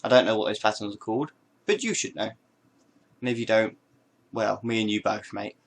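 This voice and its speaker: A man's voice: fairly low pitch, flat delivery, fast, gravelly. A man chatting casually to camera, showing his hats with playful, rambling jokes and asides. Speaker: vlogger. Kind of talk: casual show-and-tell to camera.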